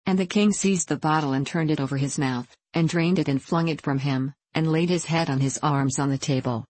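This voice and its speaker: A woman narrating a classic adventure novel in a measured storytelling way. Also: deep voice, a little mellow, no echo. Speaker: audiobook narrator. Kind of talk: audiobook reading of a classic novel.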